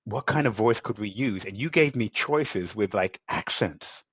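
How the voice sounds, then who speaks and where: Male podcast host, lowish voice, enthusiastic and rambling, dry dull remote sound. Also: expressive, unhurried, a bit bright, breathy edge, no echo. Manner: enthusiastic, rambling, acts out quotes. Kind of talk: conversational interview.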